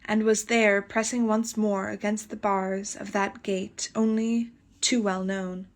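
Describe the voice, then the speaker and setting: A woman narrating a novel as an audiobook, in measured, expressive first-person storytelling. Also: mid-range voice.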